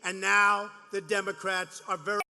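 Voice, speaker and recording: A man's voice: high-pitched, level tone, moderate pace, sharp tone, long reverb tail, soft background music. A man in his seventies giving a rambling, boastful, mocking campaign rally speech, repeating his phrases. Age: 70s. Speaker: politician speaking at a rally. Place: large rally venue.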